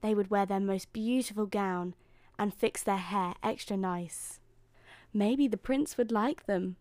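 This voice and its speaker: A woman's voice: medium pitch, steady tone, unhurried, a little mellow, no echo. Woman host, bedtime story narration, soothing, mid voice, dry close sound.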